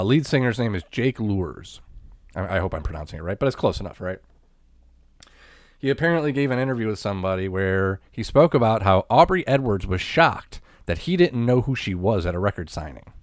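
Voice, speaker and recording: A man's voice: fairly low pitch, no echo, studio quality. A man co-hosting a casual wrestling podcast, swearing and laughing as he reads quotes aloud. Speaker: podcast co-host. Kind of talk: casual chat.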